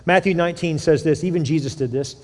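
A middle-aged pastor preaches to his congregation at a quick pace, keeping it relaxed and conversational with lively stories and repeated words. His voice is a little high for a man, and the long reverb of a large church hall rings around him.

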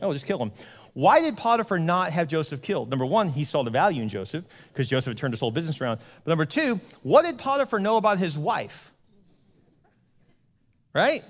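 A man preaching a casual, joking sermon as pastor, telling a story and acting out the characters' voices. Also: sits high. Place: church sanctuary. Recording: long hall reverb.

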